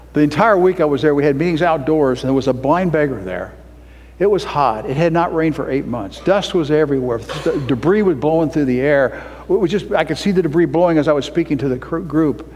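High-voiced preaching man in a hall. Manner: emphatic, rising to loud high peaks. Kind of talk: sermon.

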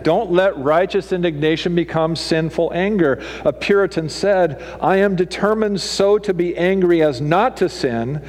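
Middle-aged pastor preaching, lively and theatrical, does little voices, big echoey sanctuary sound. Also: male voice. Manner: animated, mimics people with raised pitch and punchy delivery. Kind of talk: sermon.

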